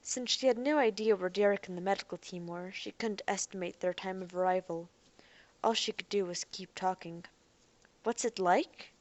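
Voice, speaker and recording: A woman narrating an audiobook in a quiet, even storytelling manner. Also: medium pitch, a little fast, dry recording, highs cut off. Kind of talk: scripted narration.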